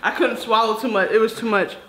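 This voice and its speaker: A young woman co-hosting a casual challenge vlog, giggly and animated. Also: fairly high pitch, fast. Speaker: co-host. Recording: echoey room with faint music.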